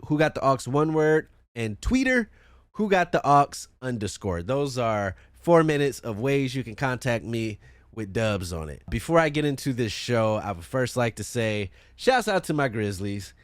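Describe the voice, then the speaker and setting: A man's voice: mid-range voice, expressive, a little slow, clean tone, no echo. A man hosting a solo podcast in a room with a fan running, talking casually and profanely, joking as he plugs his channels. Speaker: podcast host.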